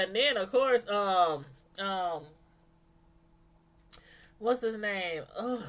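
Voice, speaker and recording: A woman's voice: fairly high pitch, fairly bright tone. A woman chatting casually with live viewers as she reviews a TV episode, laughing often and answering the chat. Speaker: show reviewer on a live stream.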